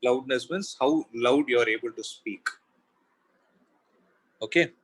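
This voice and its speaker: A man's voice: mid-range voice, a little slow, slightly rough, poor audio. A man teaching a physics class, explaining step by step and asking himself questions as he goes. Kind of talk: classroom lecture.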